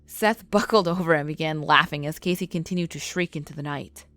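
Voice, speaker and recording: A woman telling a first-person scary story in a measured, scripted narration. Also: low voice, fairly bright tone, no echo.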